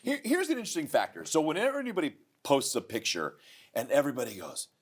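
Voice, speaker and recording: Lively-voiced man with strong opinions. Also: on the high side, quick pace. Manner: expressive, opinionated analysis. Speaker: co-host. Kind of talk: casual bodybuilding chat.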